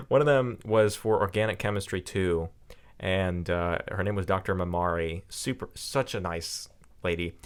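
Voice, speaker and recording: A young man with a fairly low voice co-hosts a casual podcast. He tells his stories in a lively, animated way and often breaks into laughter. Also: moderate pace, smooth. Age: young adult. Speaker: podcast co-host.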